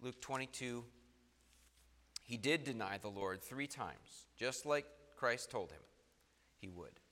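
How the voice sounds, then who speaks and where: A man's voice: medium pitch, expressive, takes it slowly, bright, forceful tone. A man preaching a sermon, reading scripture aloud in old formal wording and stressing points with rising and falling emphasis. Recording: long hall reverb.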